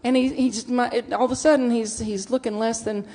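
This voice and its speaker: A woman minister giving a storytelling sermon, acting out dialogue with big jumps in pitch and loudness. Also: brisk. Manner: animated, acts out dialogue with big swings in pitch and volume. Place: church sanctuary.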